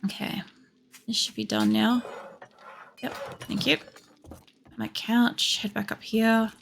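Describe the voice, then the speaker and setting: Gravelly Australian woman gaming. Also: a little high, little pitch movement, slow, a bit bright, slight background noise. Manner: rambling, chatty, swears freely. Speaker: game streamer. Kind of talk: casual chat while playing. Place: home computer setup.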